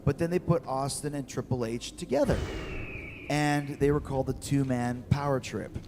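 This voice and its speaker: A middle-aged man, a guest in an interview, telling lively anecdotes with repeated words. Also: medium pitch, normal speed, background noise. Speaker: guest, former wrestler. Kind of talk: storytelling in an interview. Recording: long reverb with faint music.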